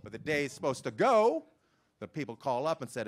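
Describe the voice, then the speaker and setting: A male stand-up comedian on stage before a live audience, telling a loud rambling story and acting out the voices of his wife and his dog. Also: medium pitch, big pitch swings, normal speed, slight background noise. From lives in Long Beach, California.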